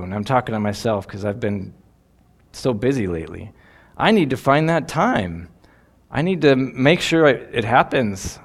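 A man giving devotional Bible teaching in an earnest, reflective way, lingering on key phrases. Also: medium pitch.

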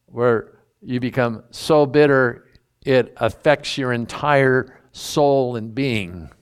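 In a sermon, a man teaches through a Bible passage, folksy and emphatic, drawing out the key words. He's a pastor whose smooth, mid-range voice moves slowly.

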